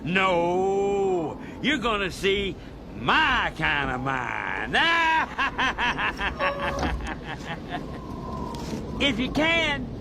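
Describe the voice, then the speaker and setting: An actor playing a cackling, grizzled old mine guide in a theme-park ride clip, with a slow folksy drawl. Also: male voice, high voice, big pitch swings, exaggerated voice. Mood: menacing. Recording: ride clip with background noise.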